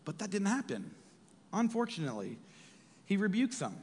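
A man preaching a sermon as a pastor, in an animated way, acting out voices from the text. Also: high-pitched, moderate pace, slightly rough, big-room sound. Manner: animated, acts out voices of biblical figures.

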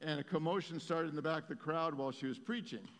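A man's voice: on the high side, fast, a bit bright, long reverb tail. A man preaching a sermon as pastor, telling stories in a conversational way with many fillers and restarts.

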